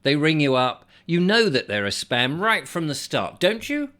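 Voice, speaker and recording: A man's voice: on the high side, very animated, normal speed, sharp tone. A man hosting his own vlog, telling a story in a rambling, chatty monologue full of wry asides. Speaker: vlogger, show host. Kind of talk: casual to-camera monologue.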